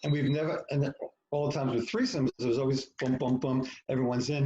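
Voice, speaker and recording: A man's voice: mid-range voice, little pitch movement, a little fast, mellow, muffled recording, slight background noise. Frank storytelling man in an echoey room. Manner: frank, profane, self-mocking, acts out quoted lines. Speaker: podcast guest, author. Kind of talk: candid storytelling in conversation.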